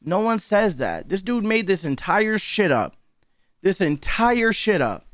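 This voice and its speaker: A man's voice: high voice, very animated, measured pace, fairly bright tone, no echo. A man giving casual reaction commentary, heated and profane, openly disbelieving what he hears.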